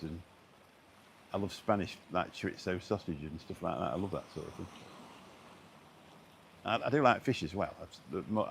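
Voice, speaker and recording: A middle-aged man with a deep, low-pitched voice talks casually to his live-stream viewers. He rambles, restarts his sentences and fills gaps with ums. He is recorded on a phone outdoors, with a faint hiss of noise behind him. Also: creaky. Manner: rambling, chatty, many fillers and restarts. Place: outdoors on a beach walk.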